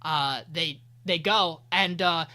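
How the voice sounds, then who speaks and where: A man hosting an anime podcast, recapping an episode in a loose, profane way and quoting characters in quick voices. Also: on the high side, bright, forceful tone. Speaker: podcast host.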